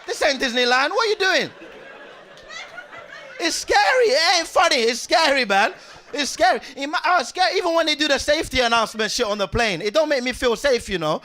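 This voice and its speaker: High, bright-voiced young comic. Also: male voice, fast talker. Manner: animated, loud and laughing, uses slang. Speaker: stand-up comedian. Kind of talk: stand-up comedy set. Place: comedy club stage. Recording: live club with faint room noise.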